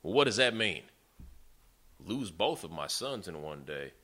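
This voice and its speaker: A pastor preaching a sermon with folksy, emphatic storytelling. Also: male voice, deep voice, very animated, a little slow, pushed and bright, slightly rough.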